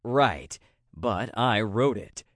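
A wry, restless man, bored and always joking, as a male narrator plays him, speaks in a lively, up-and-down voice at an unhurried pace. The audiobook recording is dry and close. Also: fairly low pitch, dry recording, full character voice. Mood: teasing.

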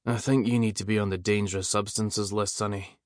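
A man voicing a brawny Scottish man with a broad Scottish accent, talking in a deep, lazy drawl in a teasing way. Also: steady tone, brisk, no echo, studio quality, natural voice.

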